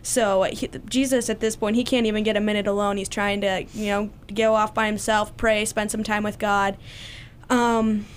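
A woman's voice: medium pitch, flat delivery, moderate pace, slight background noise. A young woman casually retelling a Bible story in a study group, chatty with many fillers and restarts. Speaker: Bible study participant sharing a passage.

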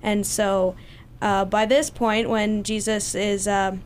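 A woman's voice: mid-range voice, flat delivery, slow, slight background noise. A young woman casually retelling a Bible story in a study group, chatty with many fillers and restarts. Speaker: Bible study participant sharing a passage.

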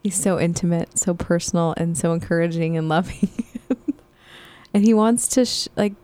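A woman in a casual Bible study reads scripture aloud plainly. Her voice is low and mellow, and the recording is dry and close. She answers in discussion with a warm, sincere manner. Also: brisk, smooth, no echo.

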